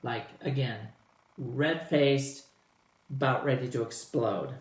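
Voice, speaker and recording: Male teacher at an ordinary pitch, talks through a play casually with students, echoey room. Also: slow. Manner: casual, animated, retells lines in plain slang.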